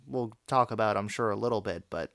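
A man's voice: on the low side, fairly quick, vocal fry, a bit bright, no echo, studio quality. A young man co-hosting a casual podcast, joking around and telling stories with casual swearing. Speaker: podcast co-host. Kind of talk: casual chat.

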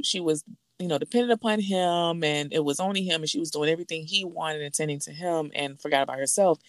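Animated woman with a low voice. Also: no room sound, studio quality. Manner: animated, acts out quotes with big pitch jumps. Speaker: podcast co-host. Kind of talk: casual chat about a reality show.

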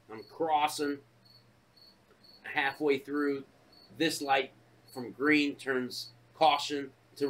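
A man co-hosting a casual podcast chat, telling stories full of swearing and acting out his own shouting. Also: fairly high pitch. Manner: profane, animated storytelling, acts out shouting. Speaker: podcast co-host.

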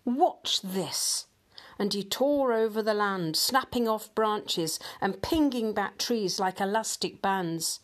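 Brief: older grandma narrator reading a children's fable, unhurried and expressive. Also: female voice, mid-range voice. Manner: gentle, expressive storytelling. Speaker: grandmother reading storybooks aloud. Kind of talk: storybook read-aloud narration.

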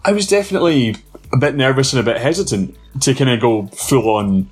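Lively laughing man. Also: fairly quick, soft background music. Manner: animated storyteller, laughs often, voice jumps high. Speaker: wrestler guest. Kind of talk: casual interview chat.

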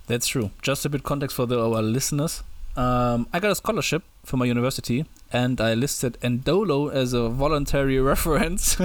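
Podcast co-host, male, mid-pitched, easygoing banter with jokes. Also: normal speed, few pauses. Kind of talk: casual chat.

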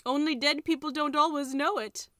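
A mournful tiger-skin ghost from a storybook. It wails in a slow, drawn-out, high and eerie voice. The sound is close and dry. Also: female voice, fairly even intonation, fairly bright tone, dry recording. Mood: wailing.

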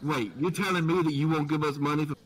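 A man's voice: on the high side, steady tone, fast talker. A man chatting casually on a stream, teasing in a dry way. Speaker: guest on a chat stream. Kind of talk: casual group chat.

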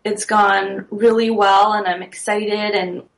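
A woman's voice: mid-range voice, flat delivery, slow pace, low-quality recording. A woman guest on a podcast, earnestly explaining her wedding blog business with small restarts. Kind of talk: casual interview answers.

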